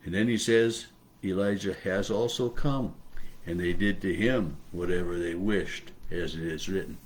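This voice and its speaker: A man, a pastor, giving a loose daily devotional on a Bible passage, halting and thoughtful, full of fillers and restarts as he muses aloud. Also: low voice.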